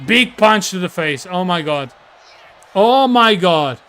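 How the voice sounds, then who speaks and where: A man calling a video game wrestling match with excitable, yelling play-by-play and slips in English grammar. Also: high voice, takes it slowly, smooth. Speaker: commentator and wrestler persona.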